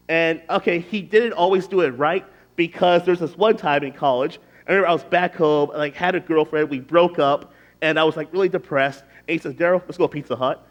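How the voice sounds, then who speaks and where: A man's voice: a little high, dull audio. A man speaking as a youth pastor, telling personal stories to a youth group in a loose, chatty way full of fillers and restarts. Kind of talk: casual storytelling talk to a youth group.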